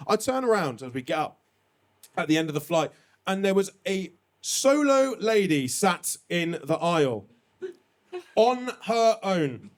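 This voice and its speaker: A man performing live stand-up, with a slightly high, lively voice that swoops up and down. He tells his story in a chatty, animated way. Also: a little slow. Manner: animated, chatty, swings between high and low for effect. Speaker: stand-up comedian. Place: comedy venue stage.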